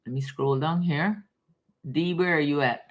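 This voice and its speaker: Woman tarot reader on a live stream, from Guyana, lower voice, calls everyone darling. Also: measured pace. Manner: warm, affectionate, calls viewers baby and darling. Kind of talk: casual live tarot reading.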